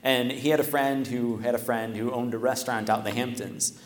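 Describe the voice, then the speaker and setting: A man delivers a sermon from a church microphone at an everyday middle pitch. He speaks casually and conversationally, tossing in "right?" to keep the congregation with him. His voice rings through a big, echoey church hall with a long reverb tail. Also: flat delivery, brisk, slight background noise. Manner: conversational, often tags "right?". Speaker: preacher. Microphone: stands at a microphone.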